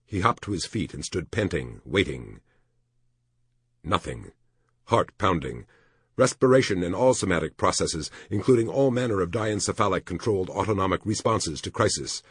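A man narrating an audiobook in an expressive storytelling manner. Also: low voice, normal speed, slightly rough, no room sound, studio quality.

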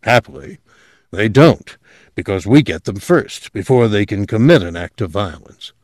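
A man's voice: on the low side, expressive, moderate pace, a little mellow, no echo, clean studio sound. A man voicing an ambitious young male official who speaks breezily and agreeably. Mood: assured. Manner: breezy, eager, smoothly agreeable.

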